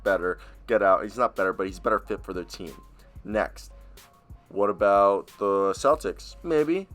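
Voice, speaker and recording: A man's voice: fairly low pitch, fairly bright tone. A man giving blunt, opinionated basketball commentary on his vlog, talking straight to viewers into a laptop mic. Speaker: sports commentator.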